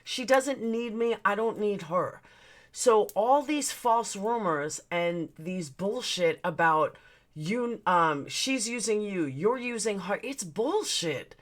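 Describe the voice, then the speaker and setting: A woman's voice: mid-range voice, expressive, slow. A woman venting on her livestream, her voice swinging widely up and down as she gets heated. She swears freely and stops mid-rant to welcome people by name. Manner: heated, profane, greets chatters mid-rant. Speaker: livestream host.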